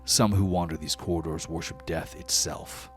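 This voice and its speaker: A man voicing a cruel male hobgoblin prisoner, talking slowly and tauntingly. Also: low voice, fairly even intonation, soft background music, natural voice. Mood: menacing. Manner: slow, taunting, drawling.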